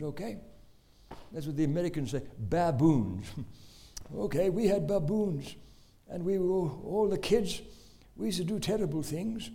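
A man's voice: high-pitched, dark tone. A middle-aged man with a South African accent preaching a sermon, emphatic and given to exclamations as he tells stories.

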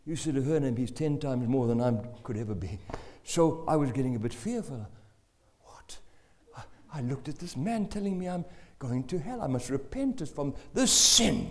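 A man, telling a story in an animated, dramatic sermon. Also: a little high, normal speed. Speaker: preacher.

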